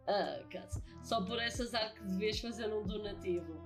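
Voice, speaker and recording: A young woman, streaming a game and chatting to viewers in an excitable, swearing, laughing way. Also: medium pitch. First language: Portuguese. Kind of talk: live game streaming chat.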